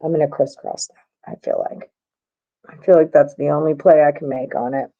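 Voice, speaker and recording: A woman's voice: low-pitched, fairly even intonation, moderate pace, phone-quality sound. Chatty woman hosting a betting stream. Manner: chatty and loose, talking to viewers and co-hosts. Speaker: sports betting show host. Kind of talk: casual live-stream chat.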